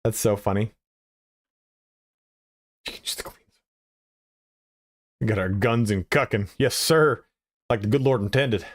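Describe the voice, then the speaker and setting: A man with a lowish voice ending a game stream, chatting loosely with his viewers. He swears constantly and rambles, stacking up filler words as he goes. The sound is dry and close, with no room around it. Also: slow, pauses often, no room sound. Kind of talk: casual stream chat.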